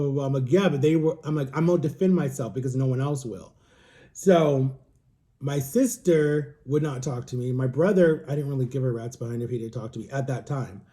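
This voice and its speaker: His voice is on the high side and mellow. A young vlogger at home, he rambles through a personal story in a casual way, leaning on "like" and performing other people's words as dialogue.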